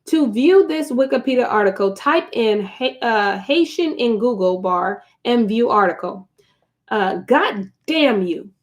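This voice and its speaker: A woman's voice: fairly high pitch, lively intonation, measured pace. A woman hosting a casual live stream, reading a book aloud to her viewers, chatty and prone to digressions and asides.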